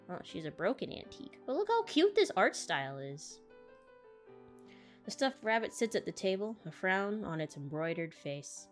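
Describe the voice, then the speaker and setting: Gaming YouTuber, woman, mid-pitched, chatty and giggly, reads game narration aloud over soft music. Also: very animated, normal speed.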